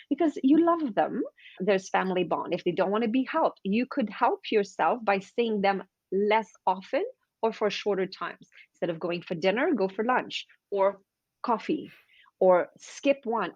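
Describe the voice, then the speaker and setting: Expressive middle-aged woman, dry dull sound. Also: medium pitch, moderate pace, no room sound. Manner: lively, expressive, acts out little scenes. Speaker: confidence coach, podcast guest. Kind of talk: animated interview talk.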